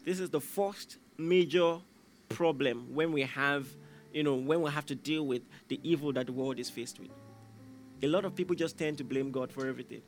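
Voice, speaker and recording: A man with a somewhat high voice preaches a sermon at a normal pace, emphatically repeating key phrases and getting louder when he acts out quoted lines. Faint instrumental music plays behind him.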